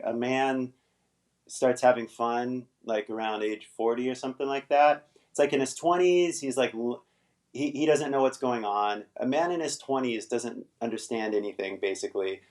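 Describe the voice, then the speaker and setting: A man's voice: medium pitch, darkish tone. An American man hosting a casual live-stream English lesson, loose and chatty, full of fillers, with the odd swear word. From United States.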